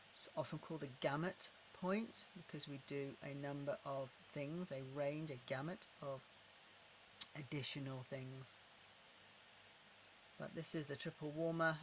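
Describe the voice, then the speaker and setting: A middle-aged man calmly guiding a tapping and breathing exercise, slow and repetitive, recorded indoors at his desk. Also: a little high, a little hiss or hum, low-quality recording. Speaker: tapping practitioner. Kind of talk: guided tapping and breathing instruction.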